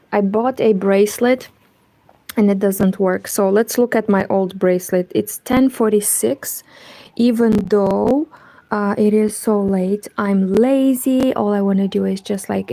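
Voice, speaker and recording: A woman chatting softly in a hushed half-whisper at home, live-streaming and talking about her crochet. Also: medium pitch, gravelly, no room sound, rough recording. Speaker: crochet vlogger. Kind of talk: quiet live-stream chat.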